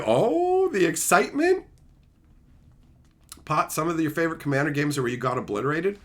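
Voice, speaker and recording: A man hosting a live stream, chatting excitedly and profanely with his viewers and acting out friends in loud voices. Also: fairly high pitch. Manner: profane, excitable, rants about cards.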